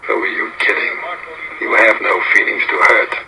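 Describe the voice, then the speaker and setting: A man's voice: moderate pace, sharp tone, rough recording. An actor playing a wry, sardonic leading man in an old film clip. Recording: hissy old film clip played through speakers.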